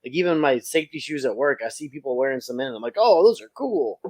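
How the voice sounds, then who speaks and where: A man's voice: mid-range voice, racing, dry recording. A man co-hosting a podcast in casual chat, laughing a lot and trailing off. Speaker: podcast co-host.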